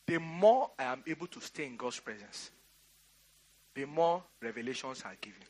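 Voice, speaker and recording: A man's voice: medium pitch, animated, moderate pace, darkish tone. A middle-aged Nigerian man preaching a sermon, giving emphatic commands and laughing through a storytelling aside. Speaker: pastor. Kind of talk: sermon with personal anecdote.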